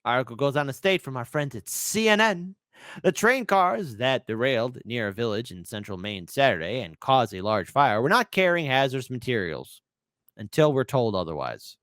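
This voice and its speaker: A man's voice: medium pitch, very animated, normal speed, fairly bright tone, no echo. A man hosting a political commentary stream, reading news articles aloud and breaking in with sarcastic remarks. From United States.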